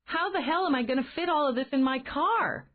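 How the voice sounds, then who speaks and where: A woman voicing an outspoken, flustered young woman who talks in quick, exclamatory bursts. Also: high-pitched, pitched above the performer's own voice, lightly acted. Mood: animated. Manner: exclamatory, animated. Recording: tinny phone-like band.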